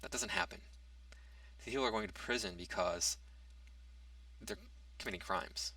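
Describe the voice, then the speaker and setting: Gravelly, argumentative man talking. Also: low-pitched, a little slow, bright, forceful tone, dry recording, distant mic. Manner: argumentative, reads out a topic then rebuts it; hesitant restarts and fillers. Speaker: commentary vlogger. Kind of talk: casual opinion monologue.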